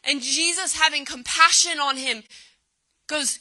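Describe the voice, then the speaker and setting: Bright-voiced woman preaching a sermon. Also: sits high, a little slow, rough recording. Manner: reads scripture aloud, then retells it with dramatic cries.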